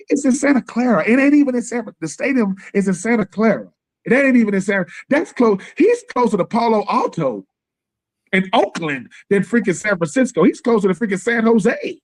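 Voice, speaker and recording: A man co-hosting a casual sports talk stream, slangy and animated, acting out other people's lines as he riffs. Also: sits high. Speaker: podcast co-host. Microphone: live stream call.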